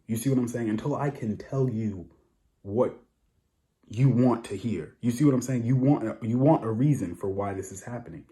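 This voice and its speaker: A man's voice: medium pitch, normal speed, warm tone. A man talking casually to camera, giving blunt opinions with a lot of repetition and rhetorical asides. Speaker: vlogger.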